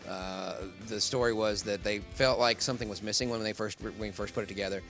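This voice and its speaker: Bright-voiced chatty male voice actor. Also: on the low side, fairly even intonation, a little fast, faint music behind. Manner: rambling, chatty, laughs often. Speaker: professional voice actor, interview guest. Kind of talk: casual convention interview. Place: convention.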